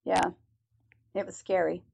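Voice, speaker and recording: A woman's voice: fairly low pitch, flat delivery, a little slow, gravelly, darkish tone, slightly rough, poor audio. A middle-aged woman, a podcast guest, telling her personal story in a candid, earnest way and restarting her sentences often.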